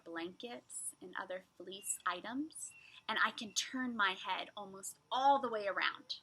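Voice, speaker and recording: A woman teacher leading a children's lesson, speaking slowly and patiently as she asks young children simple riddles. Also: medium pitch, expressive, sharp tone, a little hiss or hum.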